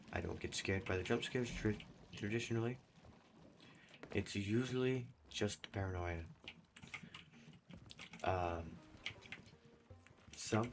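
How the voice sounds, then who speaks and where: A man chatting casually over his gameplay as a gaming YouTuber, rambling and self-deprecating. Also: deep voice. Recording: clear keyboard typing noise behind. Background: computer keyboard typing.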